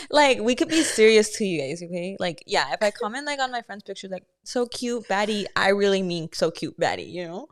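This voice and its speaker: A young woman with a mid-pitched voice chats casually as a podcast co-host. She swears freely, talks in slang, and acts out little voices while laughing. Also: very animated, fairly quick. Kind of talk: casual chat.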